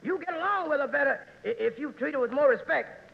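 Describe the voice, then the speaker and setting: A flustered, creaky, urgent voice. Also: male voice, very high voice, animated, fast, dull audio, heavily acted. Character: flustered man warning about a guest. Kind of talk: 1940s radio comedy acting. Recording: hissy 1940s radio with hall echo.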